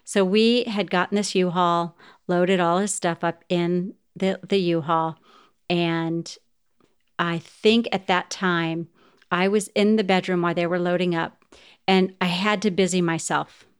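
A woman's voice: lowish voice, fairly even intonation, unhurried, clean tone. A middle-aged woman hosting a podcast, telling a personal story in a heartfelt way and speaking straight to her listeners. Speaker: podcast host.

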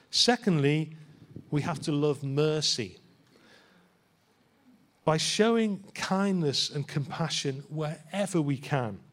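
A pastor with a fairly high voice preaches in a church, speaking conversationally and posing rhetorical questions to his listeners.

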